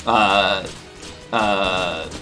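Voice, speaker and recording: A man's voice: low voice, drawn-out words, music in the background. A man giving casual, rambling, joking commentary as he plays a video game. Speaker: let's play host.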